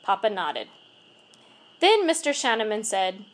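High, lively woman reading a storybook. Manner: expressive, measured read-aloud. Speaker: reader. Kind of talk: storybook narration.

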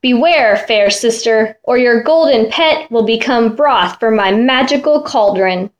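Little boy play-acting a villain wizard, voiced by a woman, lower than the girl, hammy. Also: unhurried, muffled recording, natural voice. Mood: mock menacing.

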